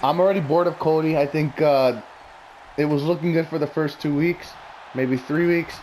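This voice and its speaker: A man rants in a casual, unscripted way, blunt and full of cursing as he wanders from point to point. His voice sits a little high for a man, and a faint hiss runs under the recording. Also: steady tone, moderate pace, a little mellow. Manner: profane, blunt, opinionated, rambling. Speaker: wrestling commentary vlogger. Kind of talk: casual ranting predictions.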